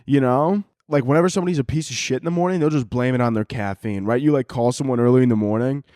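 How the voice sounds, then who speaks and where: A young man in his twenties talks through a casual solo podcast into a close mic, with almost no room sound. He rambles and swears, fills his talk with filler words and laughs at his own jokes. His pitch sits in an ordinary middle range. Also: quick pace, mellow, no room sound. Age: 20s. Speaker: podcast host.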